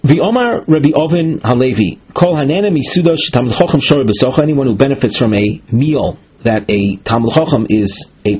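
A man with giving a Talmud lesson, reading each phrase and then explaining it with many halting "uh" pauses. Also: mid-range voice, slightly rough. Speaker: Talmud teacher. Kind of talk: text study lesson, reading and translating. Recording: dull lo-fi recording.

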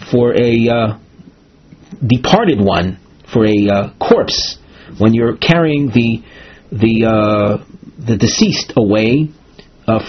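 A man with giving a Talmud lesson, reading each phrase and then explaining it with many halting "uh" pauses. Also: mid-range voice, slightly rough. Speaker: Talmud teacher. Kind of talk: text study lesson, reading and translating. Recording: dull lo-fi recording.

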